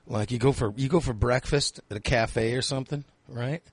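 A man's voice: medium pitch, normal speed, slightly rough, no echo. A man telling crude comedic stories in casual chat, acting out quoted lines in a raised voice.

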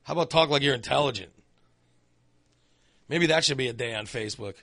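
A man's voice: medium pitch, brisk, creaky, a bit bright, no room sound. A man hosting a talk show, delivering an opinionated monologue in a ranting, sarcastic, exasperated way into a studio microphone.

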